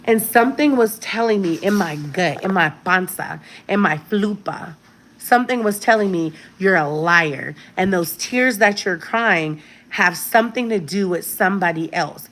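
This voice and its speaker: Speaking at a normal speed in a medium pitch, this woman in her thirties vlogs casually for her viewers. She tells a personal story, repeating herself for emphasis and often checking in with "right?"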